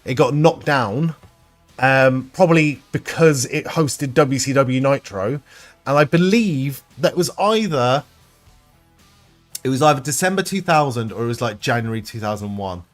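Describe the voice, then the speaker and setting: A man's voice: medium pitch, lively intonation, measured pace, faint music behind. A man hosting a live stream, chatting casually with viewers, rambling and swearing freely. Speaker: livestream host reading chat.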